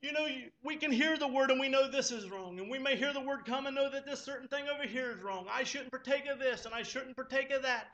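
A man's voice: very high-pitched, quick pace, few pauses, fairly bright tone. A man preaching a sermon at a church service, exhorting fervently and rising to impassioned pleas. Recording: dull lo-fi recording.

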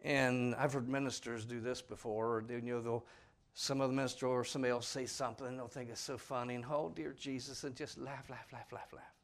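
A man's voice: mid-range voice, little pitch movement, fast talker, few pauses. Earnest folksy preacher man. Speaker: pastor. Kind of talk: sermon.

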